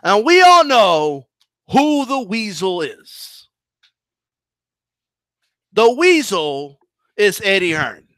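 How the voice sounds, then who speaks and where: Man streamer, lively and bright-toned, unhurried mocking rant, dry close sound. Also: sits high, no echo. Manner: animated, mocking, combative rant with restarts. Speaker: boxing commentary channel host. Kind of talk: live-stream commentary reading chat.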